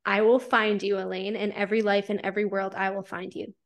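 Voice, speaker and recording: A woman reading aloud the lines of a gentle, devoted young man from a fanfiction story, in soft, earnest dialogue. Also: medium pitch, level tone, fairly quick, natural voice. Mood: longing.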